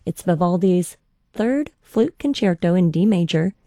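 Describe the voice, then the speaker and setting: A woman hosting a morning classical music radio hour, gentle and unhurried. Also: fairly low pitch, expressive, no echo, clean studio sound.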